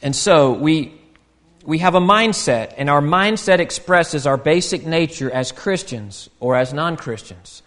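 A man's voice: a little high, expressive, measured pace, fairly bright tone, long reverb tail. A man, preaching a sermon in an earnest, conversational way with frequent restarts. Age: 50s. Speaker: pastor.

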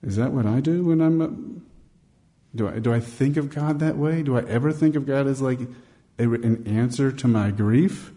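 This man has a warm, medium-pitched voice and speaks at a normal speed. He preaches a sermon like he's telling a story, acting out snatches of dialogue and becoming emphatic on key points.

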